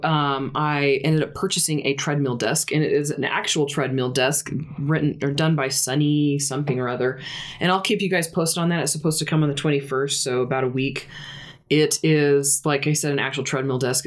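A woman in her thirties co-hosting a writing podcast in casual chat, talkative and laughing often. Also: low-pitched. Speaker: podcast co-host.

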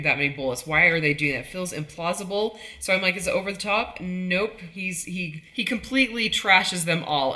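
A woman's voice: low-pitched, bright, forceful tone. A woman co-hosting a podcast, chatting casually about a movie and laughing often. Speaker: podcast co-host. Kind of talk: casual chat.

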